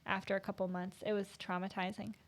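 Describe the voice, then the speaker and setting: A woman co-hosting a podcast in casual chat, teasing and playful with deadpan asides. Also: mid-range voice, fast. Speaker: podcast co-host.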